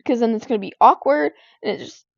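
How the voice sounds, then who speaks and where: A high-pitched teenage girl rambles through an exasperated vent session while she plays a game. Her words come packed with "like" fillers. The sound is dry and a bit dull, as if recorded on a lo-fi home mic. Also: fast talker, gravelly, no room sound. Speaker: gaming vlogger. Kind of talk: casual venting while playing a game.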